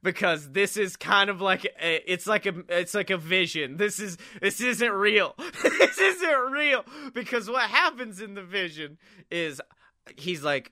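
A man co-hosting a comedy podcast, telling a story in an animated, laughing and profane way. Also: sits high, measured pace, no echo, clean studio sound. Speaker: podcast co-host.

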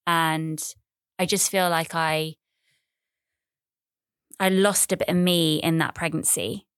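A woman's voice: low voice, fairly even intonation, takes it slowly, clear, resonant tone, no room sound, clean studio sound. A woman in her thirties hosting a podcast, talking in a rambling, chatty, self-deprecating way and repeating phrases. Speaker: podcast host. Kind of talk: casual solo podcast monologue.

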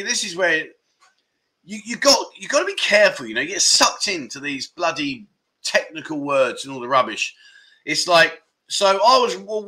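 A rambling man hosts a casual livestream chat from his phone. His voice is bright and a touch high, and he drifts from one viewer comment to the next. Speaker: livestream chat show host. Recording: live stream from a mobile phone.

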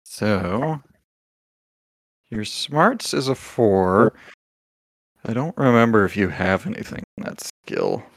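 A man acting as game master for a tabletop game, walking the players through rules and clues at an unhurried pace. His voice is gravelly and dry, as if recorded right up at the mic. He hedges often as he explains. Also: on the low side, big pitch swings, dry recording.

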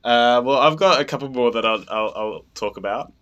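Brief: man, podcast co-host, bright tone, halting and rambling. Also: mid-range voice. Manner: halting, rambling storytelling with many restarts. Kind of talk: casual chat.

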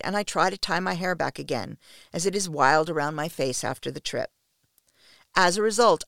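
A woman narrating an erotic story in the first person, in a steady, intimate storytelling manner. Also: low-pitched, gravelly, no room sound, clean studio sound.

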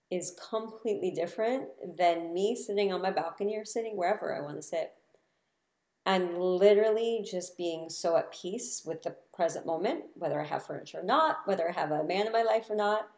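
A woman, a spiritual teacher and podcast host, talking in a casual reflective monologue that swings between loud bursts and soft murmurs, with casual swearing. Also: fairly low pitch, echoey room.

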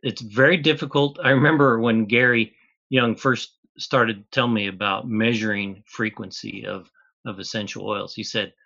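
A man's voice: on the low side, steady tone, moderate pace, gravelly, bright, forceful tone, muffled recording. A man, a chemist guest on an interview, patiently explaining step by step in plain words.

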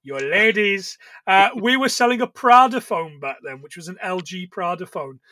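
A man co-hosting a podcast, recapping a film in casual chat, jokey and full of swearing and quick asides. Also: sits high, expressive, bright, forceful tone. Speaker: podcast co-host.

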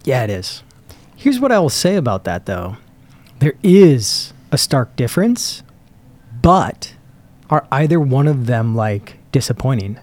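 A man co-hosting a casual podcast, talking excitably and enthusiastically, often trailing off mid-sentence as he hunts for words. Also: mid-range voice, measured pace. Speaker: podcast co-host reviewing cigars. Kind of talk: casual chat.

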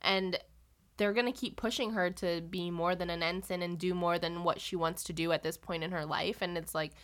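A woman's voice: lowish voice, steady tone, normal speed, fairly bright tone. A young woman co-hosting a podcast, rambling casually with many "like"s and playfully imitating characters as she recaps a TV episode. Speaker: podcast co-host.

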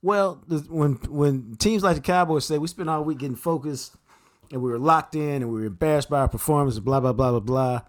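A man's voice: fairly high pitch, fairly quick. A man co-hosting a casual sports talk podcast, breaking down games in a laid-back, blunt, analytical way. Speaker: football analyst co-host.

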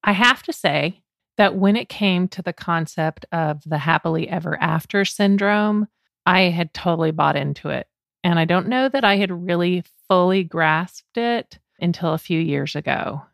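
A woman's voice: on the low side, measured pace, creaky, no room sound, studio quality. A woman in her fifties, a business coach, talking earnestly and conversationally in a solo podcast monologue. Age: 50s.

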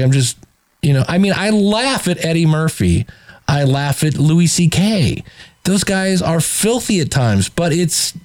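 A man's voice: fairly high pitch, a little mellow. Exasperated man critiquing clips. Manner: exasperated, sardonic, stammering restarts. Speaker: host reviewing a podcast. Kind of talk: critical commentary over played clips.

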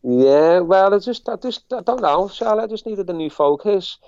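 A man's voice: high-pitched, expressive, normal speed, mellow, clean tone, no echo. A middle-aged man with a Liverpool accent, chatting rambly as an interview guest and repeating himself as he tells his story. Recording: dull lo-fi sound.

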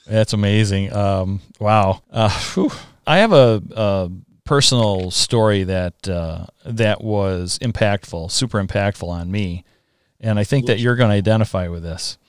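Brief: man, 50s, interview host, smooth low voice, dry close sound. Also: measured pace, no room sound. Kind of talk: conversational interview.

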